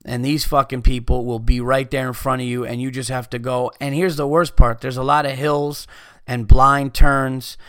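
A man's voice: mid-range voice, level tone, fairly quick, few pauses, a bit bright, clean tone, no echo, studio quality. A man hosting a podcast, ranting in a casual, exasperated and profane way. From United States. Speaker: podcast host.

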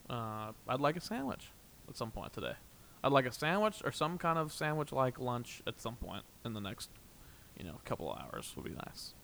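A man's voice: mid-range voice, gravelly, a bit bright, a little hiss or hum. Playful rambling male podcast host. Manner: rambling, playful, laughs often. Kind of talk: casual podcast chat. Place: small room, in doors.

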